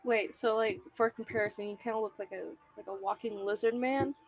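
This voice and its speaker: A woman's voice: a little high, steady tone, brisk. A woman new to a tabletop group, friendly and curious as she asks questions in character. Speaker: new player.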